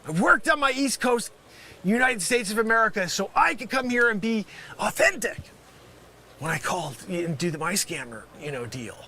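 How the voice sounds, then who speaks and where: A brash male scam caller who shouts insults and then drops to a mutter, played by a man in a comedy sketch. His voice sits very high and lively, swooping up and down. The tone is bright and cutting, with faint hiss underneath. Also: normal speed, full character voice. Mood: deflated. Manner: yelling, insulting, swings from loud to mumbled.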